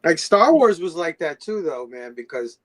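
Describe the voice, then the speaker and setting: A man's voice: a little high, very animated, moderate pace, a bit bright. A man co-hosting a casual movie chat, easygoing and given to laughing asides. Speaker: co-host.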